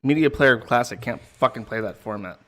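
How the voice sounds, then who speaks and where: A man's voice: medium pitch, a little fast, fairly bright tone. A man chatting casually on his stream, rambling loosely and swearing as he talks. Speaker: streamer replaying an old clip. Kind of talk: casual chat.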